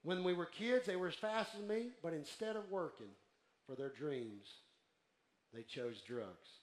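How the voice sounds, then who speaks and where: A man preaching a sermon to a congregation, calling out for responses and building to shouts. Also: on the high side, animated, unhurried, echoey room. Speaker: pastor. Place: church.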